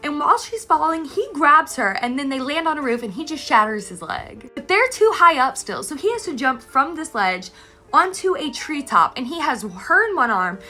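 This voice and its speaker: A woman recapping a story in a casual, animated, gushing way. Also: sits high, normal speed, faint music behind. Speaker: anime recap creator.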